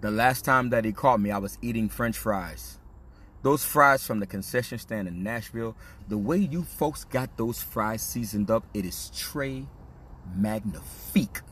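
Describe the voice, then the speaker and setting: A man's voice: medium pitch, moderate pace, a bit bright, slight background noise. A man hosting a podcast, telling a personal story in a casual, slang-heavy, confessional way. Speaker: podcast host. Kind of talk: candid storytelling monologue.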